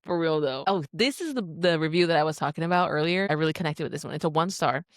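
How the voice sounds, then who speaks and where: Give me a chatty young woman co-hosting a podcast, low voice, dry close mic. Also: quick pace, no room sound. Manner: animated, swearing, reads reviews aloud. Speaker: podcast co-host. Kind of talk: casual chat.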